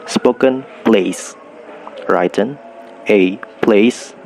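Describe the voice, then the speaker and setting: A young man giving a student class presentation, reading slowly with some hesitations. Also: on the low side, a little mellow, a little hiss or hum, rough recording. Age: young adult.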